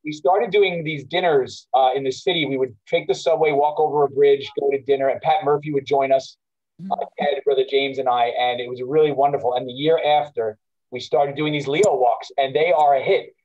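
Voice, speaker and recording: A man casually reminiscing on a video call, talking in a halting way with frequent restarts. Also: medium pitch, steady tone, a little mellow, dull audio. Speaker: alumni walk organizer at a school memorial.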